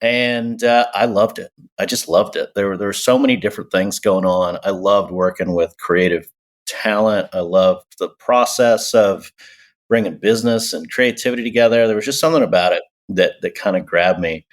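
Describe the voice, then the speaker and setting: A man in his forties from Texas, an agency co-founder telling his story in a relaxed interview over a video call. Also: lowish voice, normal speed. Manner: easygoing, storytelling, self-deprecating. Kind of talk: casual interview talk. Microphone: remote video call.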